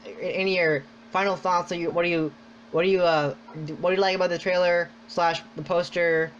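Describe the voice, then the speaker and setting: Rambling, excitable man on a lo-fi mic. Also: high-pitched, a little fast, slight background noise. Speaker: podcast host. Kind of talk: casual chat. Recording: dull lo-fi sound.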